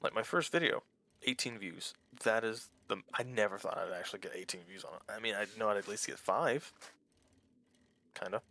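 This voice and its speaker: Man, let's-play commentary, gravelly fry, bright tone, rambling, candid, casual swearing. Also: lowish voice, brisk. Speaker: small YouTuber playing a game.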